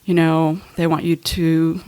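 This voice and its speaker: Chatty woman podcast host, low voice. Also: level tone, measured pace, warm tone, smooth, no room sound. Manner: chatty, self-mocking, laughs while talking. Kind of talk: casual podcast chat. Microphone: headphones and mic.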